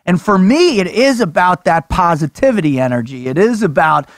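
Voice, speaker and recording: A man hosting a podcast, talking with excitable energy, swearing and calling his guests brother and dude. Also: sits high, moderate pace, dry recording, clean studio sound. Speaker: podcast host. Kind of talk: energetic casual chat.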